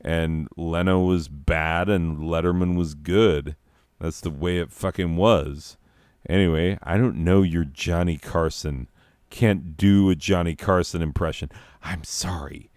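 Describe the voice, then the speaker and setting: A man's voice: low-pitched, fairly even intonation, unhurried, a little mellow, smooth, dry recording, studio quality. A man hosting a comedy channel, reading comedy bits in a rambling, profane way and often breaking off mid-sentence. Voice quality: profane, rambling, self-interrupting.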